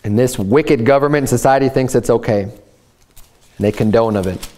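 Speaking a little fast in a medium-pitched, slightly mellow voice, an American pastor preaches fervently, stumbling over restarts and repetitions as he drives his point.

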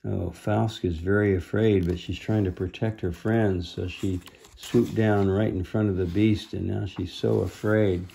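A man reading a children's book aloud, pausing to explain the story gently to young listeners. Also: sits low, fairly even intonation, creaky, slight background noise. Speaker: storybook reader.

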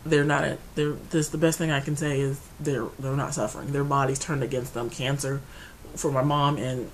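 A woman vlogger talking through her grief at home, rambling and restarting, going quiet and then loud. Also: a bass voice, flat delivery, normal speed, slight background noise, poor audio. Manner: grieving, rambling, restarts often, swings between quiet and loud. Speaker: beauty vlogger. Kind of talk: casual personal talk to camera. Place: her apartment.

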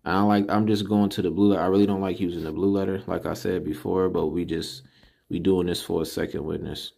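A man giving a casual screen-recorded lesson, slowly sounding out syllables and repeating words to drill them. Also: low voice, level tone, vocal fry, warm tone. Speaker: religious teacher. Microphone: computer mic while screen recording.

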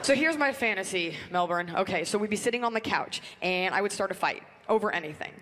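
A young woman from Southern California doing a stand-up comedy set on a club stage, brash and deadpan, acting out shrill squealing quarrels. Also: brisk. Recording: big hall reverb with audience noise.

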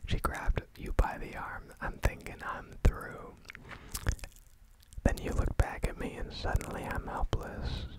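A man voicing a young woman in love, in a whispered role-play of a rap, soft and low. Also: a little slow, natural voice, poor audio. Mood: smitten.

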